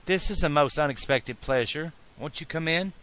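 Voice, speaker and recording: A man voicing a sweet, gentle young woman schoolteacher in a storybook reading. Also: deep voice, expressive, moderate pace, pitched above the performer's own voice. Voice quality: sweet-voiced.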